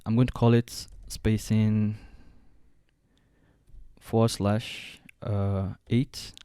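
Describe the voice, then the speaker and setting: A man walking through a design software tutorial step by step, thinking aloud as he clicks along. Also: lowish voice, level tone, slow pace, clean tone, no room sound, studio quality. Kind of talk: screen-recorded software tutorial.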